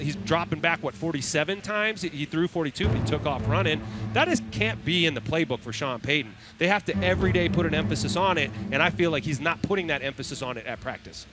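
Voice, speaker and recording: Fast-talking, emphatic male football analyst. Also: on the high side, over loud music. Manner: emphatic, opinionated breakdowns. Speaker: football analyst, former player. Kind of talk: sports talk analysis.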